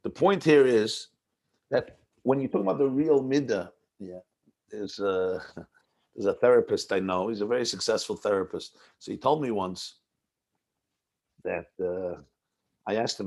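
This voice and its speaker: A rabbi gives a class on a religious text, talking it through conversationally and doubling back on words as he works toward each point. His voice sits fairly low and has a husky edge. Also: normal speed, pauses often, a little mellow. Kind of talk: text-based lecture on a Hasidic discourse.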